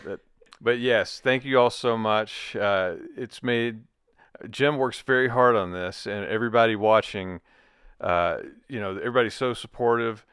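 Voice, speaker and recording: A middle-aged man with a thick Southern American accent chats casually as co-host, joking and laughing easily. His voice is fairly low and smooth. It is recorded close and dry. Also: fairly even intonation, moderate pace, fairly bright tone, no room sound. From Virginia. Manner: laid-back, joking, laughs often. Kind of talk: casual chat.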